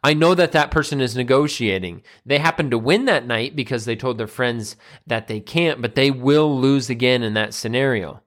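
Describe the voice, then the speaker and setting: A man's voice: mid-range voice, moderate pace, few pauses, fairly bright tone. A man, a nutrition coach and personal trainer, giving a casual motivational monologue and acting out the voices he quotes.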